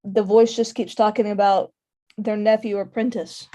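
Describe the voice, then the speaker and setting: Brief: calm woman player with a warm, low-key tone. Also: normal speed. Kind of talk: tabletop game play.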